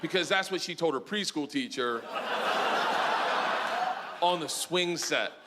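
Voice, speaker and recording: Rowdy stand-up comic man, high lively voice. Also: measured pace, very noisy. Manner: loud, animated, profane storytelling. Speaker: stand-up comedian. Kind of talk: stand-up comedy set. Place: comedy stage before a live audience.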